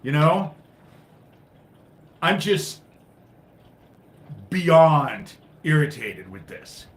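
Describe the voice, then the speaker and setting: A man hosting a live stream, ranting in a frustrated, profane way that swings between loud outbursts and low muttering. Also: very animated, extremely slow, reverberant. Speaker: livestream host.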